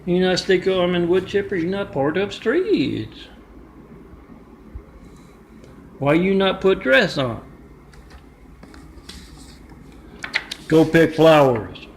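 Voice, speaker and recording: Nagging angry girlfriend, broken English, raised pitch, voiced by a man. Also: wildly swooping pitch, moderate pace, gravelly, slight background noise, full character voice. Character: angry scolding young woman girlfriend.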